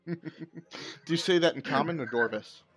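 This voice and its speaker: A man running a tabletop game as game master, narrating casually with plenty of fillers and quick laughs. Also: fairly high pitch, a bit bright, faint music behind.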